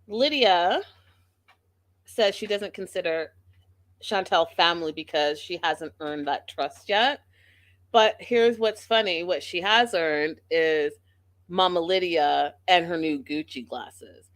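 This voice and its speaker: A woman's voice: fairly low pitch, takes it slowly, long pauses, dry recording. A woman hosting a reality TV recap show, talking casually and acting out what the cast said. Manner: animated, acts out quotes of the cast.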